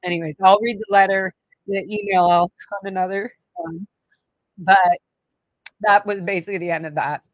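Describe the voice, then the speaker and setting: A woman's voice: mid-range voice, fairly even intonation, moderate pace, no room sound, low-quality recording. Rambling emotional woman vlogger, dry sound. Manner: rambling, emotional, many fillers and restarts. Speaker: vlog host. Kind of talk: casual personal storytelling.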